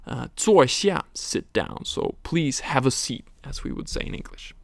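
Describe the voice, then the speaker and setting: A man teaching a recorded language lesson, slowly explaining words, tones and examples. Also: medium pitch, big pitch swings, gravelly.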